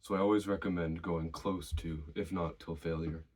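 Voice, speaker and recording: Speaking to camera at a moderate pace, a fitness vlogger with a very deep voice gives casual advice about his training routine. He sounds relaxed and conversational, still a little out of breath, and leans on his own experience.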